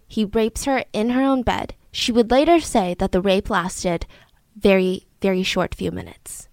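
A woman casually telling a true crime story in a chatty, animated way, acting out the quotes of the people in it. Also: mid-range voice, normal speed, dry recording.

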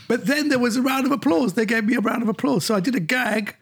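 A middle-aged man telling anecdotes in a chat over a video call from home, animated and laughing as he acts out the people in his stories. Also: extremely high pitch, quick pace, creaky, slightly rough. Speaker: guest.

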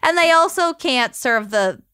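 A woman's voice: high voice, lively intonation, a little slow, sharp tone, no room sound. A woman co-hosting a casual podcast, laying out legal details plainly with dry asides on a close studio mic. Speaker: podcast co-host. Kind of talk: casual chat.

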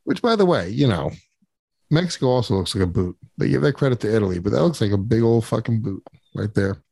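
A man's voice: medium pitch, expressive, fast talker, vocal fry, mellow, breathy edge, no echo. Brief: male podcast co-host, brash and profane, close dry mic. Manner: profane, boisterous, swears constantly. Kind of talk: crude casual banter. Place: podcast studio.

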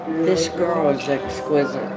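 A woman's voice: deep voice, slow. A woman in her seventies or older, a club owner reminiscing in a chatty, casual way while sitting at a bar. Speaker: strip club owner, interviewee. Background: jukebox music.

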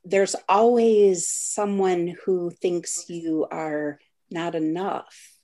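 A woman talks about her work as a guest on a video call, at a slow and unhurried pace. Her voice sits low and her manner is earnest and thoughtful. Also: fairly even intonation, warm tone. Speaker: author interviewed as a guest. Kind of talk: casual interview over video call.

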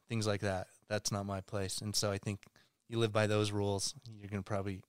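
A man's voice: lowish voice, level tone, fast, smooth, dry recording, studio quality. A man who is a snowboard photographer, a guest on a podcast, talking in an easygoing way and laughing along. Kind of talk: casual podcast chat.

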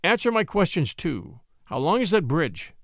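A man voicing a cool, cunning young attorney in a story reading, smooth and commanding. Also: on the high side, sing-song, normal speed, fairly bright tone, no room sound, studio quality, heavily acted. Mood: stern. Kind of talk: audiobook character voice.

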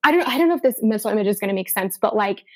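A woman's voice: mid-range voice, lively intonation, very fast. A woman from Denver, an author and podcast guest, telling her story in a chatty way full of "um" and "like". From Denver, USA. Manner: chatty, many fillers like "um" and "like". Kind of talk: casual storytelling chat.

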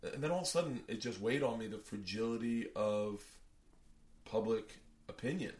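A man hosting a podcast, telling a long story in casual chat, animated and full of profanity. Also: fairly low pitch, normal speed, echoey room, distant mic. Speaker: podcast host and comedian.

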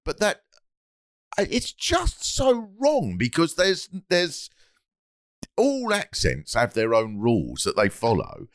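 Animated, rambling British comedian host. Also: male voice, fairly high pitch, takes it slowly, dry recording, clean studio sound. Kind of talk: casual chat.

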